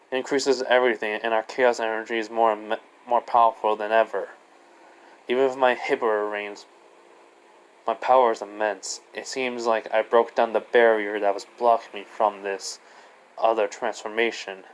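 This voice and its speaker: A man's voice: lowish voice, lightly acted, rough recording. A man voicing a proud hedgehog hero who calls himself the ultimate life form, speaking in self-assured declarations.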